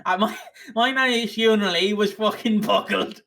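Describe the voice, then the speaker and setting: High-voiced giggly man telling stories. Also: slow pace, gravelly, fairly bright tone, poor audio. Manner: sweary, giggly storyteller. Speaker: podcast co-host. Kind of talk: casual anecdote chat.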